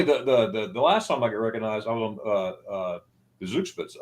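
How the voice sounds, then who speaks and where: A man in casual livestream chat who rambles through his anecdotes and slips into acting out the people he quotes. His pitch rises and falls a lot, so his voice sounds lively. The sound comes over a video call. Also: a little fast. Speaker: host of a travel livestream.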